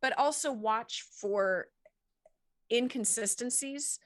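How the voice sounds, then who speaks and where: A woman with a Midwestern American accent, a film acting coach, giving advice in a casual panel chat with an animated, instructive manner. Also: on the high side, takes it slowly, no echo, studio quality.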